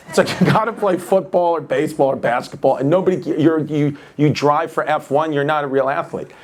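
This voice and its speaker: A man with a New York accent doing stand-up, telling a story with animated energy and laughing as he goes, then talking casually offstage, sweaty and winded after a set. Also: on the high side, brisk, few pauses. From Queens, New York. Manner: animated, laughing through his own story. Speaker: stand-up comedian.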